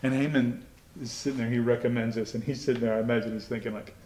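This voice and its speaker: A man's voice: mid-range voice, steady tone, fast talker, dark tone, echoey room, a little hiss or hum. Man casually retelling a Bible story. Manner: conversational, acts out characters' lines in everyday voice.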